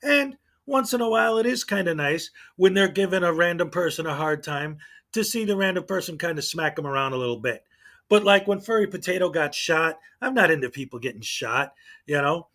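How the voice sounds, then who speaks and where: A man's voice: fairly high pitch, expressive, fairly quick, a bit bright. A man giving casual, exasperated commentary to his channel, sarcastic and sighing. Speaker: online video commentator.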